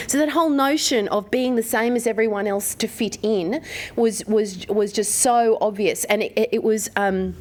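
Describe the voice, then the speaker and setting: A woman's voice: medium pitch, normal speed. A woman in her forties with an Australian accent, giving a candid personal talk to a live audience as a mentor, in a conversational manner full of fillers and questions to the room.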